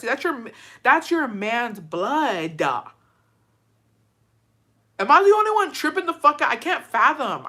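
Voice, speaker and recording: A woman with a bright, sharp-edged voice delivers a heated reaction commentary. She rants with profane outrage, swinging between disbelief and fury. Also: fairly high pitch. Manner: profane, outraged, fast-shifting rant.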